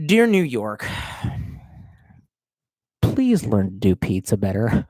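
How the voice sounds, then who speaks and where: A man rambles through a casual stream, swearing freely and sounding a bit tipsy. His pitch swings all over the place. The room sound is dry and close. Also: big pitch swings, normal speed, long pauses, fairly bright tone, no echo. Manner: profane, rambling, sardonic. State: drinking, tipsy. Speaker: livestream host reading chat.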